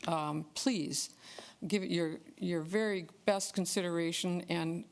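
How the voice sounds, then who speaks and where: A woman's voice: lowish voice, creaky. A woman resident giving public comment at a city council meeting, firmly opposed and repeating words for emphasis. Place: council chamber.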